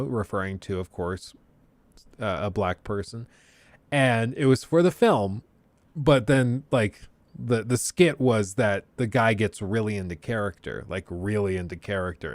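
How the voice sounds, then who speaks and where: A man's voice: medium pitch, dry recording. Guy streaming, ranting and sarcastic, laughs a lot, mid voice, dry close mic. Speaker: livestream host. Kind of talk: casual chat.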